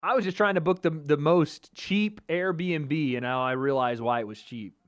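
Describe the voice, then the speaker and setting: Male streamer, slightly high voice, casual and cocky, ribs the chat, laughs a lot. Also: normal speed. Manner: joking, trash-talking, laughing often. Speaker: livestream host. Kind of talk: casual livestream chat reading comments.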